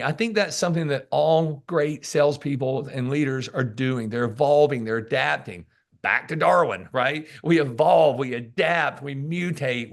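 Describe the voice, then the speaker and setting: A man's voice: mid-range voice, creaky. A man talking as a guest in a casual interview, telling emphatic stories and acting out what people say to him. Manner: animated storyteller who acts out what people say; emphatic and preachy, repeats key words. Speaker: podcast guest, sales author.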